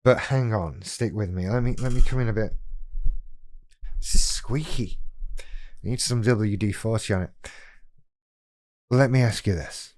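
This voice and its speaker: A man's voice: on the low side, a little slow, long pauses, a little mellow, no room sound. A man hosting his own channel, talking straight to the viewer in a wry, self-deprecating way. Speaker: YouTube channel host on living with BPD. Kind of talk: casual direct-to-camera talk.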